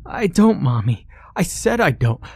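A man's voice: very animated, measured pace, darkish tone, husky, no room sound, heavily acted. A man putting on a terrified little boy's cry. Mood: pleading, terrified. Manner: high pleading cries. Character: frightened desperate little boy.

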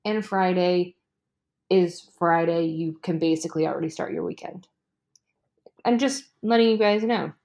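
A woman hosting a casual sports podcast, rambling excitably and swearing freely. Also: lowish voice, moderate pace. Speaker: podcast host. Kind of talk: casual chat. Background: ice maker noise from a fridge.

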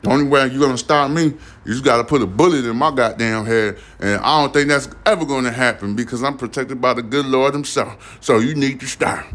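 A man speaking talks straight into the mic for his own podcast, loose and rambling. He is defiant and offhand, and keeps circling back to the same points. His voice sits at an ordinary middle pitch. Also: a little fast, hardly any pauses, a bit bright. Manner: rambling and defiant, repeating "you see what I'm saying". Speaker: podcast host. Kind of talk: casual solo podcast monologue.

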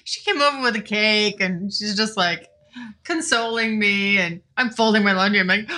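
A woman's voice: medium pitch, moderate pace, sharp tone. A woman in her forties hosting a casual solo podcast, talking candidly, swearing freely and laughing often. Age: 40s. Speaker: podcast host. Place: home, morning with coffee.

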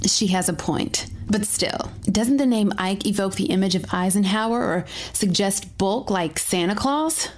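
A woman's voice: mid-range voice, steady tone, moderate pace. Woman reading a playful story aloud. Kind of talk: first-person story narration.

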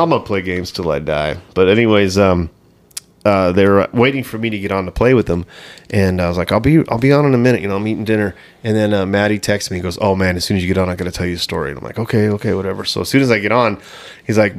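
A man hosting a casual comedy podcast, telling crude gaming stories and acting out quotes with bursts of laughter. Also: low voice. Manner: crude, laughing storyteller who acts out quotes. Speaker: podcast host.

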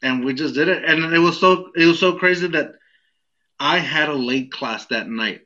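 A young man tells a rambling story in casual chat and fills the gaps with ums. His voice is bright and a little high. The sound is dull and lo-fi. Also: normal speed. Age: young adult. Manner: rambling, searches for words with many fillers.

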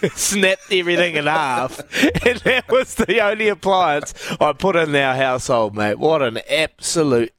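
A man's voice: on the high side, moderate pace, few pauses, no room sound. A man co-hosting a radio show, telling a story in casual chat and acting out the quotes. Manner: animated yarn-spinning with laughs and acted-out quotes. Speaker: radio co-host.

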